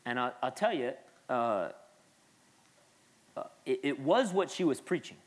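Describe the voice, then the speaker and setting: A man in his late thirties preaching as a pastor, his voice at an ordinary mid pitch. He talks to the congregation in an earnest, conversational way, often restarting sentences and adding casual asides. It sounds like a sermon told as a personal story. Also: expressive, a little slow.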